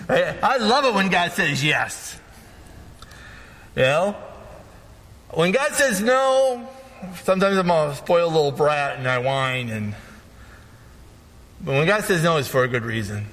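A man's voice: fairly high pitch, big pitch swings, measured pace, long pauses, a bit bright, long reverb tail. A man preaching a casual sermon as pastor, talking conversationally and often checking in with "right?".

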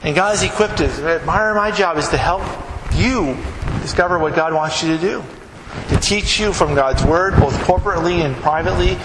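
A man's voice: on the high side, normal speed. A male pastor giving a conversational sermon in a church, acting out quoted exchanges with emphatic rising peaks. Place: church sanctuary. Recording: echoey hall, background noise.

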